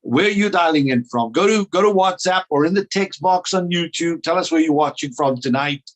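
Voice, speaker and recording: A man's voice: fairly high pitch, a little fast. A South African man leading an online training call, greeting attendees with playful, upbeat banter over a video call.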